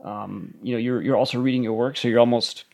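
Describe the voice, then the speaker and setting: A man's voice: mid-range voice, fairly even intonation, fast talker, gravelly, a little mellow. A man co-hosting a writing podcast, talking casually and hesitantly with many restarts. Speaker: podcast co-host.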